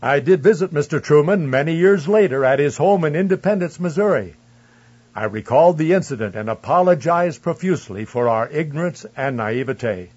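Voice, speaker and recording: A man reading a first-person memoir aloud in a measured, earnest storytelling manner. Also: on the high side, expressive, darkish tone, slightly rough, dull audio. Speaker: narrator. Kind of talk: scripted memoir narration.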